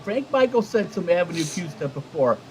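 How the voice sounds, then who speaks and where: A man's voice: sits high, sing-song, a little fast, a little mellow, slight background noise, low-quality recording. A man co-hosting a casual livestream chat, rambling and swearing and stumbling over repeated words. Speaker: co-host.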